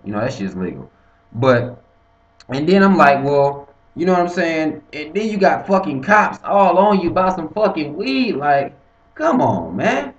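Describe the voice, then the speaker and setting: Profane man ranting in an echoey room. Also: a little high. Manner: animated, swearing freely, repeats himself. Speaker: vlogger. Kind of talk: profane casual rant to camera. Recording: echoey room, dull lo-fi sound.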